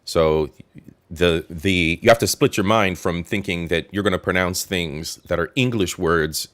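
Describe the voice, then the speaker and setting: A man's voice: deep voice, unhurried, a bit bright. A male host chatting playfully, reacting to a language lesson and repeating words back. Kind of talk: casual reaction commentary.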